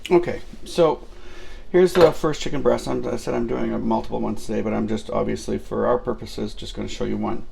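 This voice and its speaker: Male home-cook host, gravelly voice, casual and self-mocking, talking through a recipe in his kitchen with a faint hiss behind. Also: on the low side, fairly even intonation, brisk, a little mellow. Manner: rambling and self-mocking, with many fillers. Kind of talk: casual cooking demonstration.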